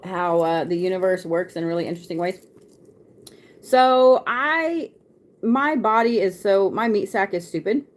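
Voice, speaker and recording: Chatty woman card reader. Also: medium pitch. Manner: chatty, laughing, swearing freely. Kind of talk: casual live-stream chat.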